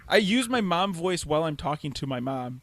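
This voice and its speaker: A young man co-hosting a podcast in casual chat, laughing often and mimicking other people's voices in a high pitch. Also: animated, a little fast, fairly bright tone, no echo. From Detroit area. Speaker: podcast co-host.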